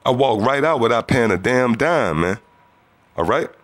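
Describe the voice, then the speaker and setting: A man's voice: mid-range voice, lively intonation, normal speed, fairly bright tone. A man telling a religious testimony in a casual storytelling way, acting out the voices of other people. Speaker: testimony speaker.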